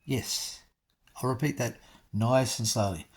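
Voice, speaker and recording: Husky older man rambling wryly. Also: mid-range voice, expressive, unhurried, a little mellow. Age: 60s. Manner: chatty, self-mocking, wry asides to viewers. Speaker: vlogger. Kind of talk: casual rambling storytelling.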